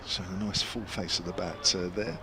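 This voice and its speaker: A man's voice: low-pitched, moderate pace, sharp tone, slight background noise. An older English man commentating on cricket ball by ball, a former county player telling anecdotes between deliveries with a chatty storyteller's manner.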